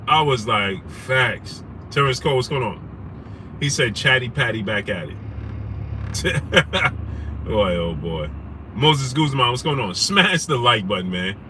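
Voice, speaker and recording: A young man, hosting a casual livestream, telling a story animatedly and shouting out viewers. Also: medium pitch. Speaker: livestream host. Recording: noisy street background.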